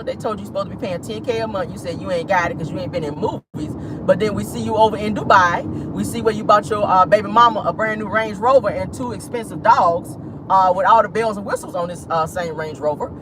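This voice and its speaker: A woman's voice: medium pitch, fast, background noise. A woman hosting a celebrity gossip show in casual, sassy commentary full of slang and laughter, talking from a car.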